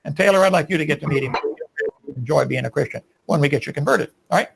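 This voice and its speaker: A man's voice: a little high, quick pace, creaky, husky, rough recording. A man arguing in a live debate, preachy and emphatic, firing rhetorical questions.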